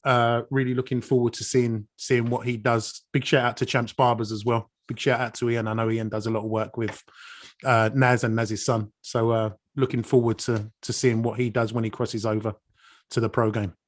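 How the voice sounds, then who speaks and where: A man's voice: medium pitch, little pitch movement, moderate pace. Enthusiastic male podcast host. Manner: enthusiastic, repeats words for emphasis. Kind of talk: casual interview chat.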